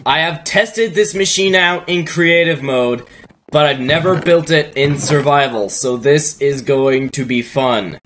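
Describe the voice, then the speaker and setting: A man's voice: fairly high pitch, measured pace, a bit bright, slight background noise, low-quality recording. A man hosting a let's play, chatting casually and thinking aloud as he builds. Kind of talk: casual gameplay chat.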